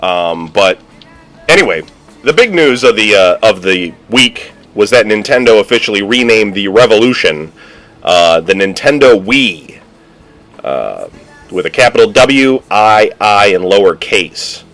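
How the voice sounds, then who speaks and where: A man with a low voice hosts a casual radio talk show into a studio microphone. His pitch swings widely as he rambles through fillers and restarts. The mood is loose banter with co-hosts. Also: normal speed, faint music behind. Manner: animated, rambling with many fillers.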